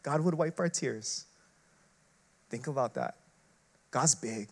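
A man preaching a sermon as an associate pastor. He talks conversationally, using lots of filler words and rhetorical questions. He swings between loud, emphatic bursts and quiet, hushed passages. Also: mid-range voice, slow.

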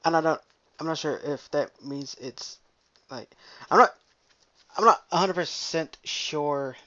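A man's voice: fairly high pitch, unhurried, sharp tone, highs cut off. A young man rambling casually and profanely while commenting on a game he is playing. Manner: rambling, profane, jokey, trails off. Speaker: gameplay commentator. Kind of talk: casual let's play commentary.

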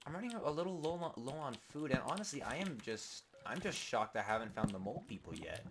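A man giving goofy, rambling, mock-dramatic commentary while playing a video game, with sudden bursts of shouting. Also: medium pitch, very animated, fast. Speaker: gaming video host. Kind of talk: comedic Let's Play commentary. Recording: noisy home recording with keyboard clicks.

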